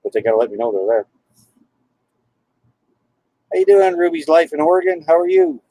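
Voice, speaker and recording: A man's voice: a little high, animated, moderate pace, warm tone, no room sound, low-quality recording. A man on a casual live stream from his RV in a parking lot, greeting viewers by name and talking to his dogs. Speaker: RV travel vlogger.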